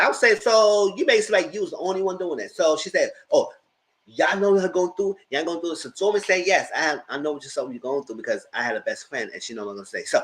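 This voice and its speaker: A man hosting a casual TV review, talking in an animated, blunt way and swearing freely. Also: on the high side, fast talker, poor audio. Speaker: show recap host.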